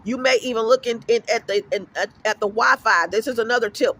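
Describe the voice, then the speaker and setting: Middle-aged male vlogger, high voice, rambling emphatic rant outside, a car passing. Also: fairly quick, bright, forceful tone. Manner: emphatic, rambling storytelling with cursing. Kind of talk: casual vlog rant. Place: outdoors at an apartment complex.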